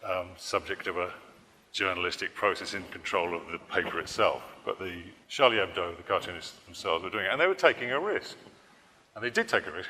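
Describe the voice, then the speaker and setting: Male political cartoonist at a public talk: deep, bright voice, rambling, dry wit, echoing hall. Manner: rambling, self-correcting, dry humor.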